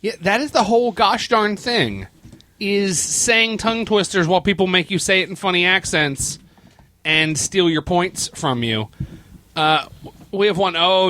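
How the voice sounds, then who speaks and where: A man's voice: sits high, expressive, moderate pace, bright, forceful tone. A man hosting a casual podcast chat, upbeat and joking. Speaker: podcast host.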